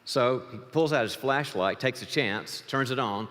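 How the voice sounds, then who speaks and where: A man's voice: medium pitch, moderate pace, fairly bright tone. A man giving a humorous church talk as a guest speaker, telling a joke story to the congregation. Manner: joking storyteller. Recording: reverberant church hall.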